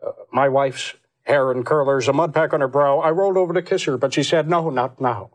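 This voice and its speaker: A man impersonating a gruff older politician reciting a holiday poem in a halting, growly cadence. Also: medium pitch, close to an everyday voice. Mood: wry.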